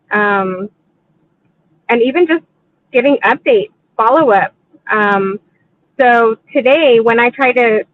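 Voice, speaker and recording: A woman's voice: fairly high pitch, dry recording. Guest on a call: woman, hesitant speech, thin phone-like sound, very dry. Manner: hesitant, restarting phrases. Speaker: guest, relative of a missing person. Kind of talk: testimony on a video call. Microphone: video call. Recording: tinny phone-like line.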